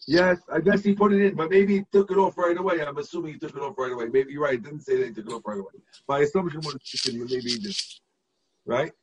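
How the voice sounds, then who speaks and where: A man's voice: on the high side, fast, distant mic, lo-fi sound, a little hiss or hum. A man, a rabbi, teaching a text to his students over a video call, explaining step by step and checking in with the class.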